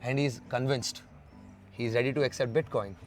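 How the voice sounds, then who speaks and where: A man from India, an interview guest telling travel stories in a lively way and acting out the dialogue. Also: medium pitch, normal speed, faint music behind. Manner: lively storyteller who acts out the dialogue. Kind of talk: storytelling in an interview.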